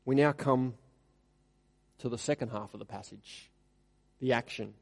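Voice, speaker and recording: A man preaching an expository sermon, reading scripture aloud with rising emphasis and then dropping to quiet asides. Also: mid-range voice, a little slow, creaky. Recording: long hall reverb.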